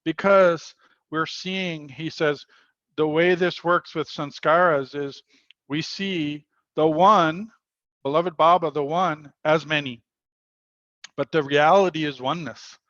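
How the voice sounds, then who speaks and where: A man's voice: on the high side, steady tone, slow, a bit bright, no room sound, lo-fi sound. Earnest man leading a spiritual workshop. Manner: earnest storytelling, quoting people in dialogue. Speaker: workshop leader. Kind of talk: spiritual workshop talk over video call. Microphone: video call.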